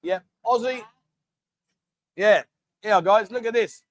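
Slow and high-sitting, this middle-aged man's voice is recorded dry as he hosts an easygoing livestream. Chatty and matey, he reads viewers' comments out loud and often calls people mate.

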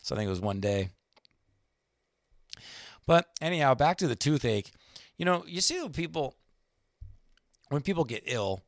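A middle-aged man co-hosting a casual book discussion, chatty and rambling, sometimes reading passages aloud slowly. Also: mid-range voice, dry recording, clean studio sound. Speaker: podcast co-host.

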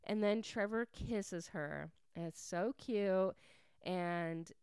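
A woman's voice: medium pitch, slow pace, a little mellow, clear, resonant tone, dry recording. A woman casually recapping a story plot to her viewers, chatty and full of "like" fillers.

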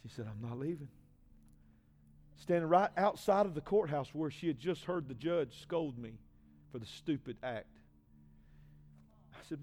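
A man in his forties, a pastor, giving an emotional personal testimony in a sermon, swinging from hushed to loud. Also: on the high side, animated, measured pace, pauses often. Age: 40s.

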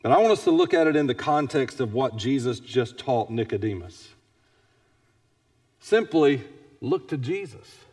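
A senior pastor preaching a sermon. He shifts from quiet asides to loud, emphatic peaks. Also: expressive, normal speed. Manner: dynamic preacher, swings between soft asides and loud high-pitched emphasis. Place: church sanctuary. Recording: reverberant church hall.

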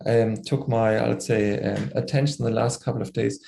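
A middle-aged native German speaker with a German accent talks earnestly about his ideas as a guest on a podcast, now and then searching for the right word. His voice is medium in pitch, brisk, creaky and dark in tone, and the exchange feels like a conversational interview.

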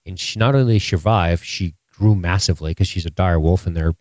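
A man co-hosting a casual live-streamed show recap, talking excitably and swearing often. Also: sits low, fairly quick, no echo, clean studio sound. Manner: profane, excitable, animated. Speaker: podcast co-host.

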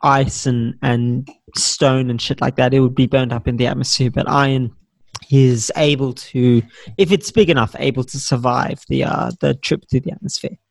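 A young man in his twenties chats loosely on a podcast, stringing thoughts together with "like". His voice has a gravelly, creaky edge. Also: mid-range voice, fairly even intonation, moderate pace. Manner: loose, rambling speech full of "like". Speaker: podcast co-host. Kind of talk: casual chat.

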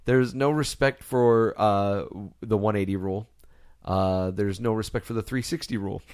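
A man's voice: fairly low pitch, fairly even intonation, normal speed, a little mellow, smooth, dry recording, clean studio sound. A man co-hosting a podcast, chatting casually about a bad movie and laughing often. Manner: laughs often, jokey asides. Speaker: podcast co-host. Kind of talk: casual movie-review chat.

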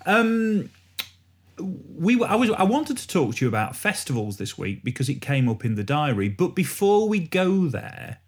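A man's voice: fairly high pitch, big pitch swings, moderate pace, breathy edge. Podcast host guy, friendly, steers the chat with questions. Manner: friendly, leading the conversation with questions. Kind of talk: podcast interview.

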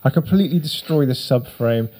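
A middle-aged man with a husky voice, telling a long, sweary story on a casual chat podcast. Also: medium pitch, brisk, dark tone. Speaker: podcast co-host.

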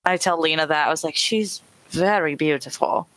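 A woman's voice: low-pitched, normal speed, fairly bright tone, dry recording. A woman playing in a tabletop role-playing game, giggly and playful. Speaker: player. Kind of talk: casual tabletop play.

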